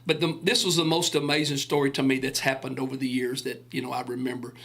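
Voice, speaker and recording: A man's voice: mid-range voice, flat delivery, quick pace, a bit bright. An older man, telling a folksy, earnest story on a radio talk show. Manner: folksy, earnest storyteller acting out quoted voices. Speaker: gospel singer recalling touring days.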